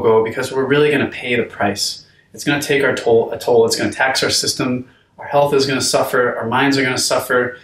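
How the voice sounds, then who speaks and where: A man's voice: mid-range voice, a bit bright, echoey room, distant mic. A man teaching a video course on sleep, talking conversationally with frequent fillers and restarts. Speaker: course instructor. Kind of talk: unscripted video lesson.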